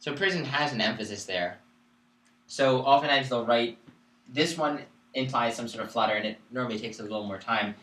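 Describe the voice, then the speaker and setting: A man's voice: medium pitch, fairly quick, fairly bright tone, echoey room. A man teaching a live group lesson on Byzantine chant, explaining patiently and singing the notes to show them. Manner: explains patiently, sings note syllables to demonstrate. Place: indoor lesson room.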